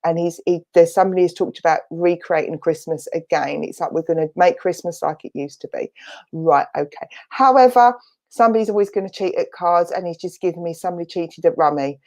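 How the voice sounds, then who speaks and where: A woman's voice: fairly low pitch, fast talker, warm tone. A woman with an Essex accent, a spiritualist medium giving a chatty spirit reading in an online church service, thinking aloud as she relays messages.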